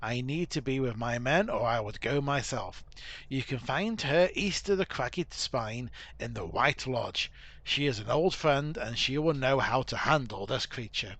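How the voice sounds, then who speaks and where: A man reading aloud the formal lines of a stern male warrior leader who mourns a fallen comrade, with lively pitch. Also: measured pace, dry recording. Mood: solemn. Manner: solemn, formal reading of quest dialogue. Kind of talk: reading game dialogue aloud.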